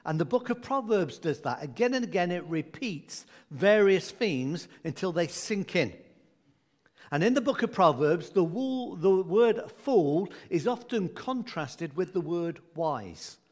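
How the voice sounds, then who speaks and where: A man's voice: high-pitched, expressive, measured pace. A man preaching a sermon in a conversational, humorous way, with asides and jokes for his congregation.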